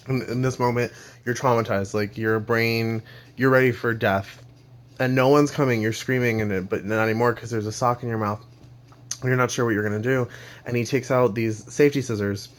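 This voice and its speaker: A man doing a comic monologue, telling a long, rambling second-person story with halting restarts. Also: medium pitch. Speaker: comedian.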